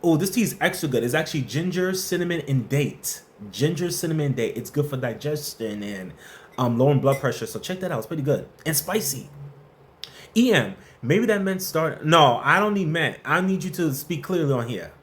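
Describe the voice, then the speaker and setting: A man's voice: on the high side, animated, moderate pace, slight background noise. A man hosting a casual workplace advice livestream, answering viewer questions and greeting the chat by name in a playful, slangy way.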